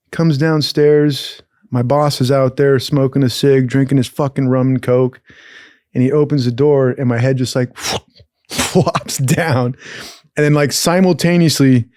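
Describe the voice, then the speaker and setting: A man spins a loose, profane story, laughing often and swearing freely. His voice sits at an ordinary middle pitch. The recording is dry and close. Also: a little mellow, dry recording. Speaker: storyteller host. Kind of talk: casual storytelling.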